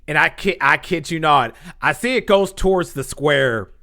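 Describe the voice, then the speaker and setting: Animated gravelly man telling a story. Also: fairly high pitch, moderate pace. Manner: animated, dramatic, acts out scenes and sound effects; casual slangy speech with lots of fillers. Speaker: storytelling vlogger. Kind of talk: casual story time.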